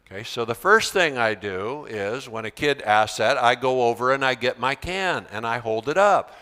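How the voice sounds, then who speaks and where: A man tells classroom stories to an audience of teachers with a bright, forceful voice that rings clear and smooth. His delivery is animated, and he slips into whiny student impressions now and then. The sound carries a long reverb, as if he were speaking in a hall. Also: mid-range voice, normal speed. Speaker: teacher giving a talk to teachers. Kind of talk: storytelling talk with acted-out student voices.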